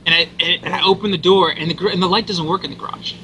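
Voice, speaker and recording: Fast-talking excitable man on a call. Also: high voice, noisy background. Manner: fast, excitable, acts out voices in his stories. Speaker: podcast co-host. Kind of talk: casual storytelling over a call.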